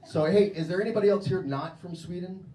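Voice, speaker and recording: A man's voice: high voice, quick pace, far from the mic, noisy background. An American man doing a stand-up comedy set in a club, crude and conversational, laughing at his own jokes. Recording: echoey club with crowd laughter.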